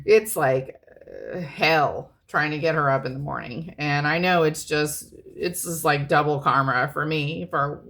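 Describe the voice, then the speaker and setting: A woman's voice: sits low, pushed and bright. A woman in her thirties telling a rambling, frank story to her camera, swearing casually and trailing off often. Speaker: vlogger.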